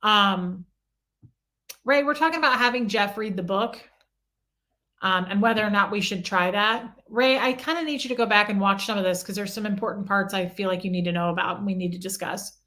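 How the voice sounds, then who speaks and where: A woman's voice: medium pitch, fairly quick, sharp tone. A middle-aged woman hosting a casual livestream, chatting and answering viewer comments by name. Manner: coos baby talk at her small dog.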